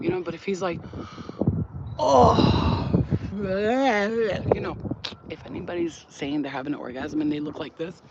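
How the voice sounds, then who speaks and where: Frank, animated woman vlogger. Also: lowish voice, highs cut off, noisy background. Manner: frank, animated, laughing often, acting things out with sounds. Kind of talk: casual to-camera chat. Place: at home while cooking.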